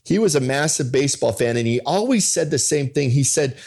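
A man's voice: medium pitch, brisk, vocal fry. Storytelling middle-aged man, casual chat. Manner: storytelling, animated when quoting others. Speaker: co-host.

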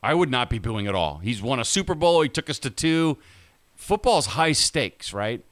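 A man co-hosting a casual sports talk show, easygoing and quick to laugh along. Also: mid-range voice, very animated, a bit bright, dry recording. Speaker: sports radio co-host.

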